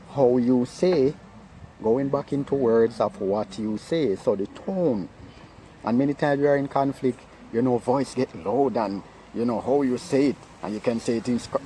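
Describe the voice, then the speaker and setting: A man's voice: medium pitch, dark tone, a little hiss or hum, low-quality recording. A man giving informal advice on marriage, talking earnestly and repeating himself, often checking in with "right?". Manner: earnest, repetitive, keeps asking "right?". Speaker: relationship speaker.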